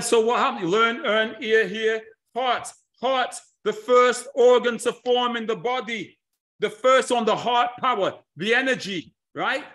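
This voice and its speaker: Energetic male speaker, high-pitched for a man, animated lecturing delivery. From United Kingdom. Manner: energetic, animated presenting with audience tasks. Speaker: history and culture speaker. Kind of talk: lively lecture.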